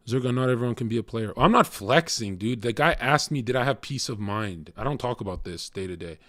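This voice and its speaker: A man's voice: medium pitch, expressive, moderate pace, fairly bright tone, dry recording, clean studio sound. A man streaming live, ranting bluntly and profanely at his chat in a confrontational way. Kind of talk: casual rant to a live chat.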